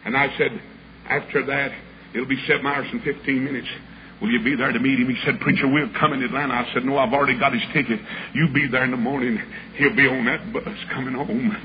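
Folksy preacher telling a story. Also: male voice, medium pitch, fairly even intonation, fast talker. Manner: folksy storyteller, acts out each voice, builds to shouts. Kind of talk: storytelling sermon. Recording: dull lo-fi recording with clear background hiss.

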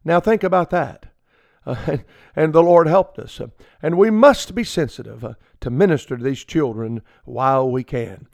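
A man's voice: a little high, moderate pace, creaky, darkish tone, dry recording, studio quality. A middle-aged man preaching a folksy radio sermon, acting out the people he quotes.

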